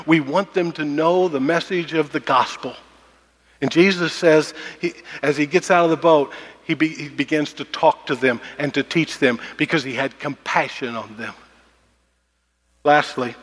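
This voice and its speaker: A pastor preaching a sermon, with emphatic repetition and a slowdown on key phrases. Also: male voice, on the high side, fairly bright tone. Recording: long hall reverb.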